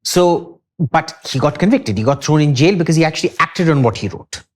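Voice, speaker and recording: A man's voice: on the high side, expressive, a little fast. A man with an Indian accent, a podcast guest lecturing emphatically and with strong opinions in a casual discussion.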